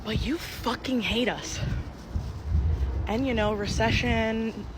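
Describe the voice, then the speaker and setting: A woman's voice: a little high, background noise. A woman venting hurt feelings in an emotional confessional vlog clip. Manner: hurt, venting, drawn-out delivery. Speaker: online creator.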